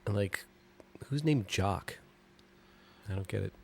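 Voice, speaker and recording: A man co-hosts a casual film commentary, curious and wry, firing off questions and jokes. His voice is lowish and sounds dry and close. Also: unhurried, gravelly, a little mellow, no room sound. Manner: wry, asking questions, joking asides. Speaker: podcast co-host.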